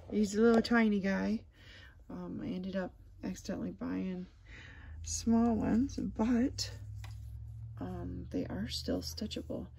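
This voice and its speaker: A woman in her thirties casually walking through embroidery software at her home computer, hesitant and self-deprecating, with lots of ums. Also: medium pitch, animated, slow, gravelly, a little hiss or hum. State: has the hiccups. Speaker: crafter demonstrating software. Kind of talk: casual screen-recorded tutorial.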